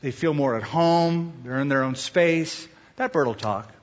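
A man's voice: fairly high pitch, unhurried, lightly acted. A man voicing a chatty male pet store owner who breezily reassures a customer. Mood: reassuring. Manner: breezy, reassuring sales talk. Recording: dull echoey hall sound.

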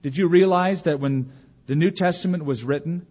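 A man preaching a sermon as pastor, emphatic, slowing for weight and dropping to a hush at the ends of phrases. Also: on the high side, slightly rough. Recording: dull lo-fi recording.

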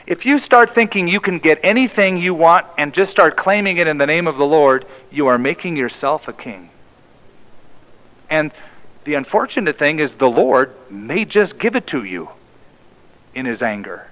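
A male pastor preaching a sermon in an emphatic way, often dropping to a hushed tone for the key lines. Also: a little high, low-quality recording.

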